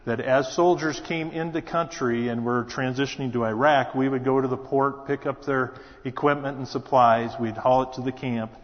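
A middle-aged man from South Dakota, a school superintendent, telling a personal story in a plainspoken, steady way to a church congregation. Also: medium pitch, moderate pace, hardly any pauses. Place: church sanctuary. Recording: dull, lo-fi sound with long hall reverb.

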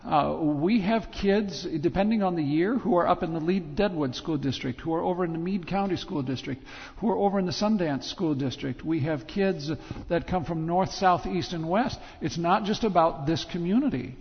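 A male pastor interviewing a guest in front of his congregation, hesitating and repeating words as he forms his questions. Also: a little high. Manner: halting, repeats words while forming questions. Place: church sanctuary. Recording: dull, lo-fi sound with long hall reverb.

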